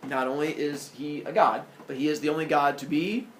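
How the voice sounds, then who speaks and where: A man teaching a class, telling myths in a jokey, animated way. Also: on the high side, fairly quick, a little hiss or hum. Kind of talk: classroom lecture, storytelling. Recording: roomy echo, distant mic.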